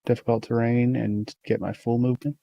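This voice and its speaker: A man playing a tabletop game, asking halting, filler-heavy questions in casual chat. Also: mid-range voice, little pitch movement, vocal fry, warm tone, dry recording. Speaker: player.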